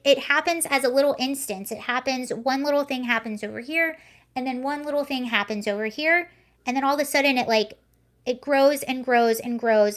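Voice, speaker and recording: A woman's voice: high voice, a bit bright. A young woman hosting a casual livestream, talking in a chatty, rambling way and often correcting herself mid-sentence. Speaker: livestream host.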